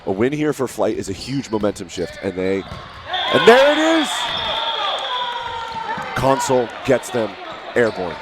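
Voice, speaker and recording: A man giving live play-by-play commentary, rising to shouts at big plays. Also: lowish voice, normal speed, background noise. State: out of breath.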